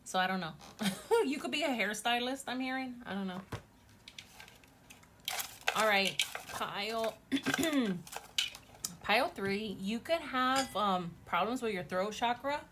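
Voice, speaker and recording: A woman's voice: a little high, expressive, takes it slowly, long pauses, a bit bright, slight background noise. A woman casually chatting to viewers as she gives a tarot reading, gushing and talking straight to her audience. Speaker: tarot reader.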